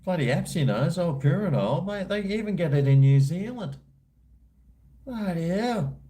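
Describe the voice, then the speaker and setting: Laid-back Australian man, mellow voice. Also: a little high, lively intonation, normal speed. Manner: rambling, laid-back, slangy. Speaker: livestream host. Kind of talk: casual chat answering viewers live.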